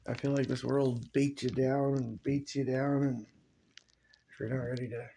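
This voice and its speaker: A drowsy man, just out of bed, rambles through his thoughts in a halting voice full of fillers. His voice is gravelly with vocal fry at ordinary pitch, and a faint hiss runs underneath. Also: flat delivery. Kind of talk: rambling monologue.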